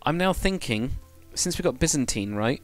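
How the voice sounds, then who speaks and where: This man keeps up a casual, rambling chat with his live-stream viewers while building, often correcting himself. He speaks at a normal speed in a mid-range voice with lively intonation, and faint music plays in the background.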